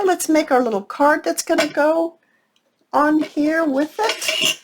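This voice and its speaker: A woman's voice: high-pitched, slow pace. A woman hosting a casual craft tutorial, chatting to her viewers as she works and teasing herself along the way. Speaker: crafting channel host.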